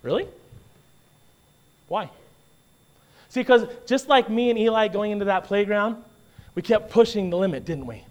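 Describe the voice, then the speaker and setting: A man's voice: high-pitched, animated, normal speed, long pauses. A man preaching a sermon in a conversational way, often asking his listeners "right?" and "okay?" and repeating words for emphasis. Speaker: pastor.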